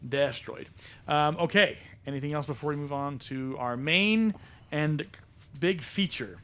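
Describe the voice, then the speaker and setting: A man hosting a podcast, recapping films in a chatty, animated way with frequent ums in a studio. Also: a little high, a little slow. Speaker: podcast host. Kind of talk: casual chat about movies.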